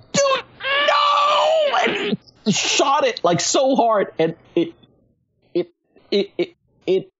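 Woman ranting in casual chat, husky, voice swings all over, dull lo-fi sound. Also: very deep voice. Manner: excitable, stammering restarts, swears.

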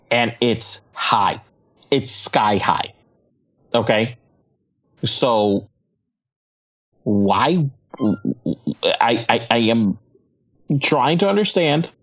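A woman co-hosting a casual political chat, excitable and stammering through restarts, sometimes swearing. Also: extremely low pitch, lo-fi sound.

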